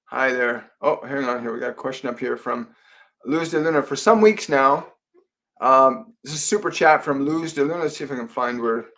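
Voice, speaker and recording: A man from Canada hosting a live psychic Q&A stream, speaking gently with frequent fillers and repeated phrases as he relays messages. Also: medium pitch, moderate pace. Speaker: psychic medium host.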